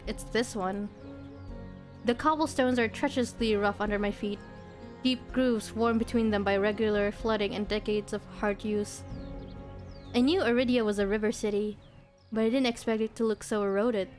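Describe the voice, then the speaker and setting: A woman's voice: fairly high pitch, fairly even intonation, normal speed, a little mellow. A woman streamer reading a visual novel aloud in a casual way, often breaking into giggles. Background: faint game music.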